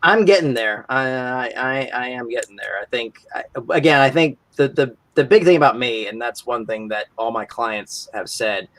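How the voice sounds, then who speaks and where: A man's voice: medium pitch, moderate pace, few pauses. A man, a podcast guest who works as a convention moderator, telling stories in casual chat and acting out the people he quotes. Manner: animated storyteller who acts out quoted voices.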